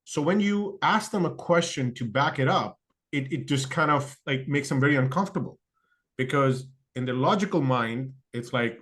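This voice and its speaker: A man's voice: mid-range voice, animated, moderate pace, a bit bright. Reflective man with many restarts. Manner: thoughtful, lots of fillers and restarts; acts out other people's quoted excuses. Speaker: podcast guest. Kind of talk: conversational interview.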